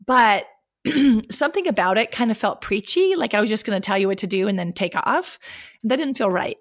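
A middle-aged woman hosting a solo podcast, her voice scratchy from a cold, talking animatedly, laughing and clearing her throat. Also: mid-range voice, expressive, a little fast. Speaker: podcast host. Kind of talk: casual solo podcast talk.

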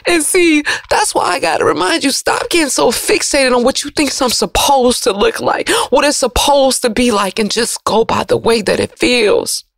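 A woman radio host, giving an emotional, preachy motivational monologue that swings from loud to soft. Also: a little high, expressive, moderate pace, gravelly, hardly any pauses, dry recording, studio quality.

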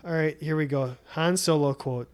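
A man's voice: fairly high pitch, moderate pace. A man co-hosting a podcast, leading the segment and reading quotes aloud with emphasis in an upbeat, casual way. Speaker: podcast co-host.

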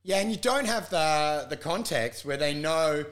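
A man's voice: on the high side, a little slow. A man co-hosting a comedy podcast, ranting crudely and acting out voices in casual chat. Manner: animated, crude, ranting with acted-out quotes.

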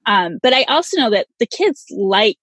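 A woman's voice: fairly high pitch, very animated, normal speed, fairly bright tone, breathy edge, dry recording. A woman hosting a casual interview, upbeat and encouraging as she asks questions. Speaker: host.

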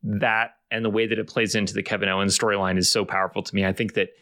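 Bright-voiced man podcast host, dry sound. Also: on the low side, little pitch movement, quick pace, no echo. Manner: thoughtful, analytical, laid-back swearing. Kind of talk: casual chat.

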